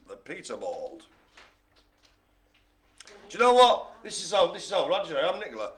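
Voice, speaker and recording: Lively, bright-voiced man hosting bingo. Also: on the high side, a little slow, long pauses. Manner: jokey, punning, chatty. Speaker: bingo host. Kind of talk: live streamed game hosting.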